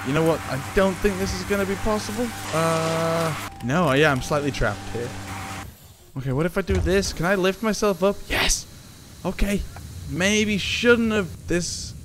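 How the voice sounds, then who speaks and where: A young man giving casual commentary over gameplay, switching between loud panicked outbursts and low muttering. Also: background noise. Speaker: gaming YouTuber.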